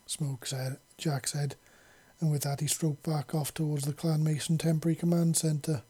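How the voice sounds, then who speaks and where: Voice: medium pitch, fairly even intonation, moderate pace, mellow, breathy edge. A narrator reading a fan-fiction story aloud in an unpolished way, correcting their own slips as they go.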